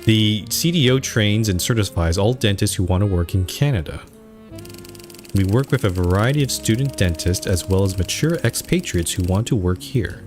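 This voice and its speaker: A man's voice: fairly low pitch, animated, normal speed, a little mellow, faint music behind, close to an everyday voice. A man reading aloud the lines of a polite, evasive woman who is a senior dental office administrator, as game dialogue.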